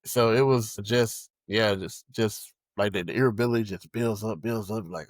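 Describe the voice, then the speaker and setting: Halting young man, dry close mic. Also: on the low side, no echo. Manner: halting, many fillers and restarts. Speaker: podcast guest. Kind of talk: casual conversation.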